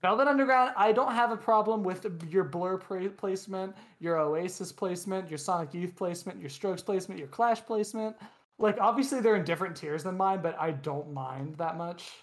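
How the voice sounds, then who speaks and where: A young podcast co-host in casual chat. The voice sits at an ordinary middle pitch. The delivery is blunt and opinionated, with dismissive verdicts. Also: fairly quick.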